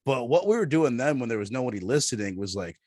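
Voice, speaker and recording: A man's voice: medium pitch, big pitch swings, quick pace, darkish tone, no echo. Man, podcast guest, casual rambling chat, restarts sentences, dry close recording.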